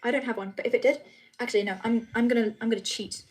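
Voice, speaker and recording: A woman's voice: a little high, fairly even intonation, fast talker, a little mellow, faint music behind, poor audio. A British woman chatting casually on a live stream, reading out viewer comments and answering them in a chatty, apologetic way. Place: home, at night.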